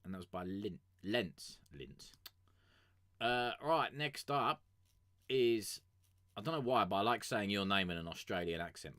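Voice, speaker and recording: A man chats through his music reviews in a fairly low voice. He rambles, swears freely and often trails off mid-thought. The sound is dry and close, with no room echo. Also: expressive, unhurried, fairly bright tone. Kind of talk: casual live-stream commentary.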